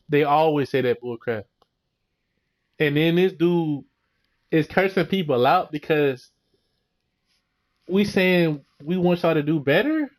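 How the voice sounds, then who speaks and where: A young man, his voice sitting a little high, rants in a casual, slangy way. He keeps circling back to "bro" and "man" as he vents like a fed-up fan. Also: normal speed. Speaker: sports vlogger.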